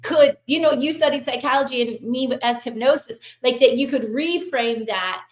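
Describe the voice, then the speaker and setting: A woman hosting an interview, encouraging her guest with quick affirmations and laughs. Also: sits high. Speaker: podcast host. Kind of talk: conversational interview. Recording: echoey room.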